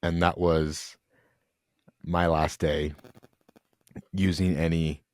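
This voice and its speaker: A young man speaks low and deep, his voice recorded dry with no room sound. He tells an emotional personal story as a podcast guest. His delivery is earnest and halting. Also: level tone, dry recording. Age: young adult.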